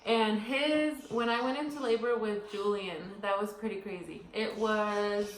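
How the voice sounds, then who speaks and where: Young woman, casual co-host, animated rambling storyteller; echoey room, faint hiss. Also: medium pitch, a little slow. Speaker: podcast co-host. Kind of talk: casual chat.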